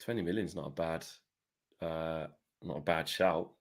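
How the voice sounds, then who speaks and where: A man's voice: rumbling low, fairly even intonation, a little slow. A man giving laid-back, slangy football opinions as a co-host. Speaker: co-host pundit. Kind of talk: casual football chat.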